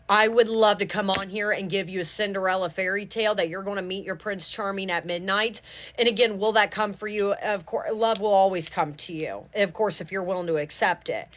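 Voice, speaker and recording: In a medium-pitched, slightly bright voice, a woman reads tarot with preachy urgency. She swears now and then and keeps pressing "do you understand" on her listeners.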